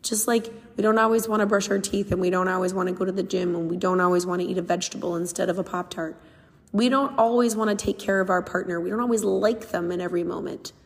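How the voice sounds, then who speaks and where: Young female podcast host, candid and emphatic, reverberant room sound. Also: medium pitch. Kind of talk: casual solo podcast talk.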